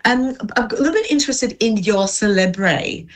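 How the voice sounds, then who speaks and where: A woman's voice: on the high side, expressive, moderate pace. A woman hosting a wine radio show, enthusiastic and gushing as she interviews a guest. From Australia. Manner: enthusiastic, gushing, laughs easily.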